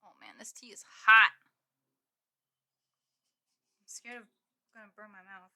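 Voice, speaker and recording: Bright chatty woman streamer. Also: a little slow. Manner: chatty, giggly, swears casually. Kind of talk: casual live-stream chat. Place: home room with green screen.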